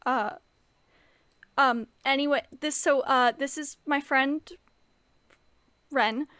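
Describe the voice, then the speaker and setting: A woman's voice: sits high, fairly even intonation, takes it slowly, fairly bright tone, dry recording. A woman playing a tabletop game, giggly and hesitant, with lots of ums. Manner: giggly, hesitant, full of fillers. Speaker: player. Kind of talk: casual tabletop game play.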